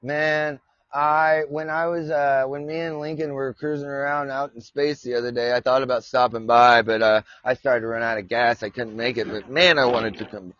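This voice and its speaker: A man's voice: mid-range voice, fairly even intonation, normal speed, fairly bright tone, no echo, highs cut off. A man hosting a casual live podcast from his desk, rambling and joking, swearing casually. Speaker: podcast host. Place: home desk with his dog nearby.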